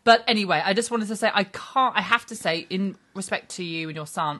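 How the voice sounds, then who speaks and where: A woman's voice: medium pitch, a little fast, a bit bright. A middle-aged woman co-hosting a casual chat, dry and teasing, telling stories with acted-out quotes. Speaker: podcast co-host.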